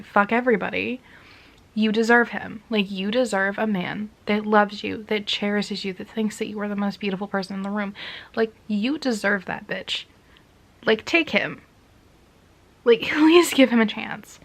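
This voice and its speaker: Woman rambling excitedly about a romance novel, tons of "like", drops to a whisper now and then. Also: mid-range voice. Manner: gushing, filler-heavy, drops into whispers. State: tearful. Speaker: book reviewer. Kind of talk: casual book review vlog.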